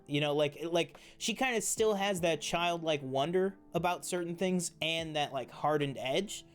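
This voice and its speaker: A man's voice: fairly high pitch, moderate pace, hardly any pauses, smooth, soft background music. A man co-hosting a casual TV review chat, enthusiastic and rambling, with many fillers and restarts. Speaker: co-host of a TV review show.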